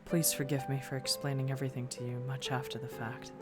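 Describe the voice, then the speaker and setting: A woman reading aloud a young man's farewell letter from a game, measured and soft, in her own voice. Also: rumbling low, flat delivery, pitched below the performer's own voice. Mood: solemn. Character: young man writing a farewell letter, solemn. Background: game music.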